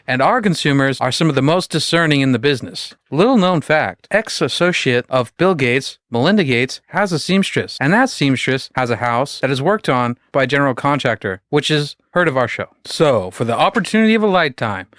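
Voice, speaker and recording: A man co-hosting a podcast, doing a dry, deadpan mock sponsor read. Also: medium pitch, moderate pace, dry recording. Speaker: podcast co-host. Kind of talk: casual chat and mock ad read.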